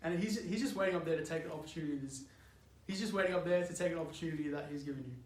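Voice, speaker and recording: Young male youth speaker, casual and animated, high voice, echoey room. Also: rapid-fire. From Australia. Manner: animated, chatty, laughs often, lots of "like". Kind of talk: youth sermon, casual storytelling.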